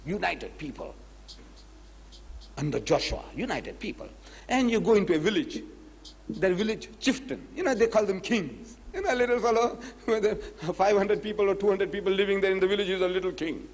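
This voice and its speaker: A man's voice: high-pitched, normal speed. A man giving a public lecture, retelling a debate and acting out both sides of the conversation. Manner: animated storyteller, acts out both sides of the dialogue. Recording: echoey lecture hall recording.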